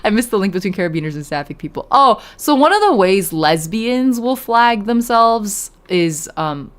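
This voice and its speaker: A woman's voice: mid-range voice, expressive, moderate pace. A young woman streamer chatting casually with her viewers, giggling often and reading chat aloud.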